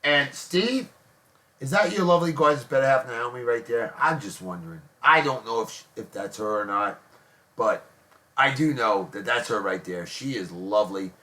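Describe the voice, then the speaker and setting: A man hosting a casual online show, gushing jokey praise and shout-outs to friends. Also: mid-range voice, lively intonation, moderate pace. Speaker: host of a daily beer and music show.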